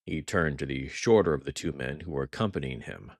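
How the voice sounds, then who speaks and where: A man narrating a thriller audiobook in a measured, dramatic way. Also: very deep voice, lively intonation, vocal fry, dry recording, studio quality.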